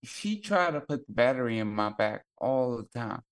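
A man's voice: medium pitch, very animated, normal speed. Laid-back man telling a story with fillers. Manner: loose storytelling with many fillers and profanity. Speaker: podcast co-host. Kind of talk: casual chat.

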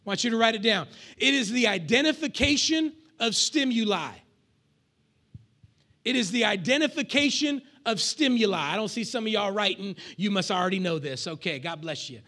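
A male pastor preaching a lively sermon to his congregation, with call-and-response and acted asides. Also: sits high, moderate pace.

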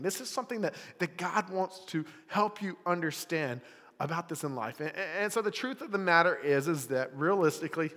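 Casual young pastor in a reverberant church. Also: male voice, sits high, sharp tone. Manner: casual, conversational, lots of filler words. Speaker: youth pastor. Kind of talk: sermon. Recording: live recording with long hall reverb.

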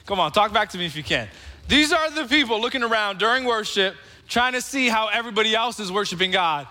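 High, bright-voiced male preacher. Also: expressive, fast talker, big-room sound. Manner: conversational preaching, calls for the congregation to respond. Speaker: pastor. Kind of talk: sermon.

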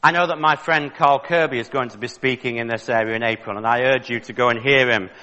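A man's voice: medium pitch, fairly even intonation, fast talker, sharp tone, big-room sound, poor audio. A man preaching a sermon with fervent, rising emphasis and pointed questions to the congregation.

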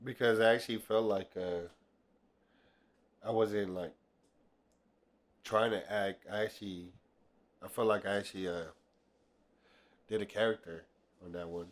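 A man, an actor guest on a podcast, talking casually and hesitantly with many pauses. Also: fairly low pitch, fairly even intonation. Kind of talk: casual chat.

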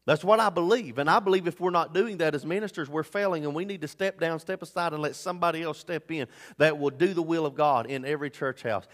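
A man preaching a sermon as pastor, swinging between loud emphatic bursts and low asides. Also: fast, hardly any pauses. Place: church sanctuary. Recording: long hall reverb.

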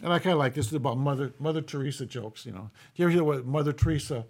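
A man's voice: mid-range voice, rapid-fire, darkish tone, husky. A man co-hosting a podcast, telling jokes in a folksy, easygoing way and chuckling between them. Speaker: podcast co-host. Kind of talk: casual joke telling.

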